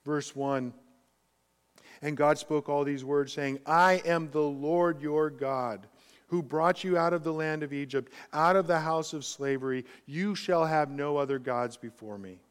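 A man preaching a sermon as pastor, emphatic, swinging between quiet and loud passages. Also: a little high, measured pace, clean tone, in a large hall.

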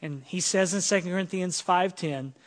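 A male pastor preaching an earnest sermon, swinging between loud emphatic lines and soft quiet ones. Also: high-pitched, normal speed, big-room sound.

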